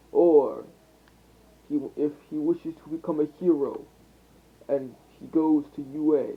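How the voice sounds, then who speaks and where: A young man doing a slow, grave, mysterious father. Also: a little high, breathy edge. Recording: tinny phone mic.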